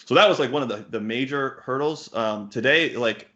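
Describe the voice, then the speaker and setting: A man's voice: medium pitch, moderate pace, pushed and bright. A man in his thirties, a poker coach, answering interview questions bluntly, swearing casually and full of fillers and restarts. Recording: muffled lo-fi audio.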